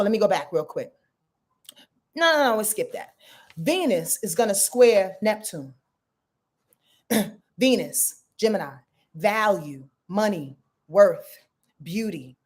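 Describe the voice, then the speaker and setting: A woman's voice: mid-range voice, a little mellow. Blunt, profane woman astrologer. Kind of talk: casual astrology talk.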